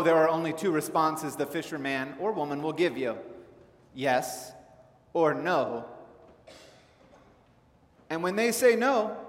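A man from Southern California preaching a sermon in a relaxed, conversational storytelling manner. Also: high voice. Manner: conversational storytelling, animated in anecdotes. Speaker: pastor. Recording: echoey hall with faint ambience.

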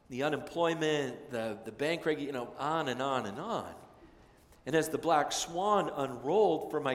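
A male pastor preaching a conversational, self-deprecating sermon, slipping into lively voices when he quotes people. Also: a little high. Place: large church sanctuary. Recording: echoey sanctuary, long reverb.

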